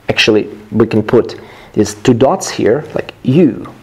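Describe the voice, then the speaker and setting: A man teaching English pronunciation, repeating phrases slowly for students to copy. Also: medium pitch, darkish tone, breathy edge. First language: Russian. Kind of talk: slow drilling pronunciation lesson.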